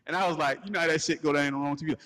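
A man's voice: fairly high pitch, fairly bright tone, long reverb tail. A man telling a long, profane story in casual chat, laughing and acting out the quotes.

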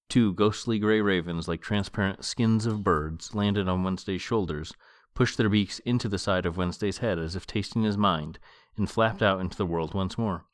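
A man hosting a podcast, reading a novel aloud in a calm, measured way and then chatting about the page. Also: sits low, no echo, studio quality. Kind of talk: book reading and commentary.

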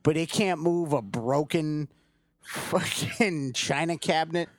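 A man's voice: on the high side, slow, no echo. A man in casual, profane movie chat, animatedly retelling horror scenes and cursing constantly.

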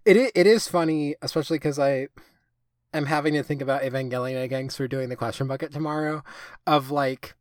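A man's voice: medium pitch, brisk, no room sound, clean studio sound. A man co-hosting a podcast in casual chat, rambling with lots of fillers and casual swearing. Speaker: podcast co-host.

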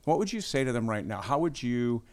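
A man, a pastor hosting a casual interview, conversational and animated, with playful asides. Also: mid-range voice, brisk. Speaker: pastor and podcast host.

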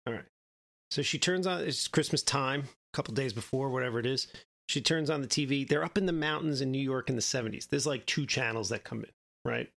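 A man's voice: medium pitch, fairly quick, creaky, a bit bright. A man co-hosting a podcast, telling a long story in a casual, rambling way and often checking in with "right?". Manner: rambling, keeps adding "right?". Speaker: podcast co-host.

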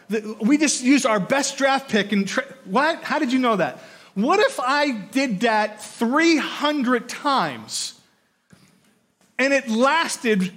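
High-voiced preacher man, animated. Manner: animated storytelling, rhetorical questions, counting aloud. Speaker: pastor or teacher. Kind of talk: sermon.

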